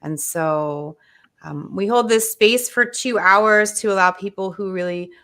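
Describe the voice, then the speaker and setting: A woman hosting a casual group chat, speaking close to the microphone in a low, breathy radio voice. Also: a little slow, pushed and bright. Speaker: host.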